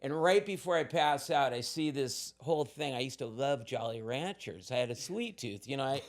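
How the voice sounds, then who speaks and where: A man's voice: mid-range voice, animated, moderate pace. A man in his sixties from Southern California, a podcast guest telling candid, laid-back stories and acting out the voices in them. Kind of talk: casual storytelling.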